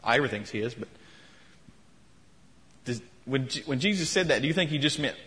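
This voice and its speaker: Male pastor, mid-pitched voice, storytelling sermon, church with long reverb. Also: animated, normal speed, a bit bright. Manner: storytelling, retelling quotes with rising emphasis. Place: church sanctuary.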